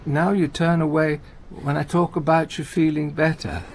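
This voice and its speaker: An actor playing a gentle, anxious older comedian in a radio play, talking in halting, stammering restarts. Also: male voice, on the high side, flat delivery, slight background noise, lightly acted. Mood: pleading. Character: aging male comedian, gentle, anxious, talkative. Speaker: visiting friend and comedy partner.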